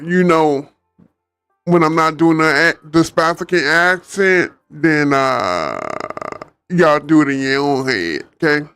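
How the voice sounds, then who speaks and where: A man's voice: on the high side, smooth, dry recording. A man reading a novel aloud on stream, breaking off for chatty, joking asides. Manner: animated, chatty, laughs at own jokes.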